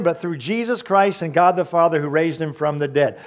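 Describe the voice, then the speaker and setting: High-pitched emphatic male preacher. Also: moderate pace, hardly any pauses. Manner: emphatic preaching with rhetorical questions. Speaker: pastor. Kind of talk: sermon.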